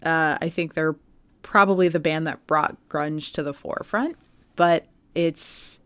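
A woman with a notably low voice tells a story on a podcast in a relaxed, chatty way, full of "like" and "um". The sound is close and dry, with no room around it. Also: a little slow, clean tone, no room sound. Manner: chatty storytelling with many fillers. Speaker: podcast co-host. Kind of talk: casual podcast chat.

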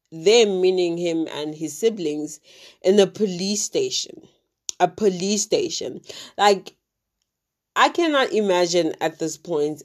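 A woman from Africa, casually retelling a true crime story with many fillers and asides. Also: fairly low pitch.

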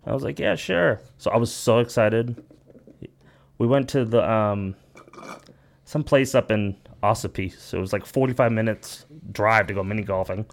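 A man's voice: on the low side, vocal fry. Laughing New guy telling stories. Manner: animated storyteller, acts out quotes, laughs often, swears. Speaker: podcast co-host. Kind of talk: casual storytelling chat.

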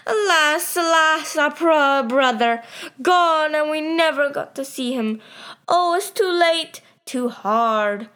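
A woman voicing a scheming old male con man who poses as a preacher, smooth and theatrical, in a storybook reading. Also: on the high side, expressive, unhurried, fairly bright tone. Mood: wailing.

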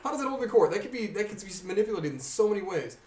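A young man in casual podcast chat, retelling a story with heavy swearing, frequent laughter and rising excitement. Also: high-pitched, racing, recorded from a distance. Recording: roomy sound from off mic.

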